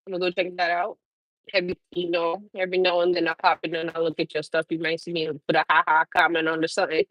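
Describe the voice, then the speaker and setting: A woman's voice: fairly low pitch, completely flat delivery, quick pace, a bit bright, dry recording, low-quality recording. A woman hosting a casual livestream, talking loosely with her chat, swearing freely and laughing often. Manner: loose, profane, laughing, talks back to chat. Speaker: trucker livestream host.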